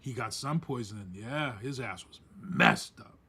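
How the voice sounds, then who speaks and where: A man, co-hosting a podcast and telling a story casually, animated and laughing as he acts out quoted voices. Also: medium pitch, unhurried, husky. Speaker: podcast co-host.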